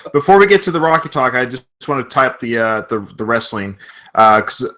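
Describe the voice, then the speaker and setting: A man's voice: medium pitch, animated, brisk, bright, forceful tone. A man from Canada hosting a podcast, chatting casually, laughing often and heaping on praise. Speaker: podcast host.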